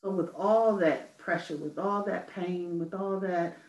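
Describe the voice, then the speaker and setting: A woman's voice: fairly low pitch, measured pace, a little mellow. A woman songwriter speaking earnestly in an interview, searching for her words and repeating key phrases. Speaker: guest songwriter and poet. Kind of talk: personal testimony in interview. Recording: roomy echo from a distant mic.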